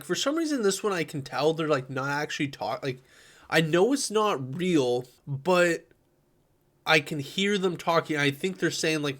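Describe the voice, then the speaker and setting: A young man tells his own story in a loose, unscripted way. His voice sits a little high for a man, and he keeps circling back with fillers and half-finished words. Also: fairly bright tone. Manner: rambling, many fillers and restarts. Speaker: streamer sharing personal experiences. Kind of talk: casual personal storytelling.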